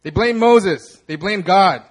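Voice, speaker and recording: Lively young man preaching a casual sermon. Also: high voice, slow pace. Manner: casual storytelling, acts out the crowd in dramatic voices. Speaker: pastor. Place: church hall.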